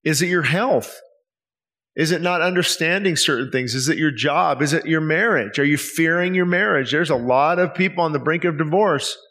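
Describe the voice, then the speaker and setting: Male pastor, slightly high voice, earnest and pleading sermon delivery, lots of rhetorical questions. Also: normal speed, a bit bright. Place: church service.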